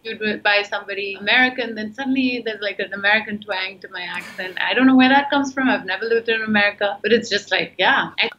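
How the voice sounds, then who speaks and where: A woman's voice: medium pitch, fast, few pauses, bright, forceful tone, highs cut off. A young woman from South India with an Indian accent, chatting as an interview guest and animatedly acting out what others said. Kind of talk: casual interview chat.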